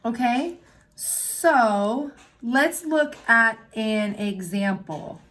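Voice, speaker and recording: A woman teacher giving a recorded lesson to young children, explaining worksheets step by step in a clear, patient way. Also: on the high side, animated, extremely slow, a bit bright. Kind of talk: recorded remote class lesson.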